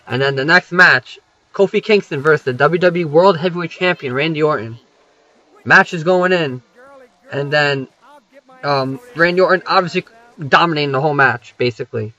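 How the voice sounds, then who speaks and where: A man's voice: a little high, moderate pace, bright, forceful tone, dull audio. A young man rambling through a wrestling recap over gameplay, swearing freely and filling gaps with "you know" and "um".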